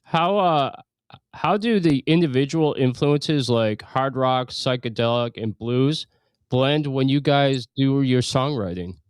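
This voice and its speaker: A man's voice: mid-range voice, unhurried, clean tone. A man hosting a podcast interview, asking questions in an easygoing, friendly way. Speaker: podcast host. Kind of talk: casual interview.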